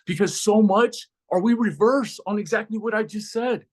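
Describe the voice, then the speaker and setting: A man's voice: high voice, moderate pace. A man telling an emotional personal story as a guest speaker, acting out voices from it with lots of life. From USA. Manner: animated, acts out voices in his story.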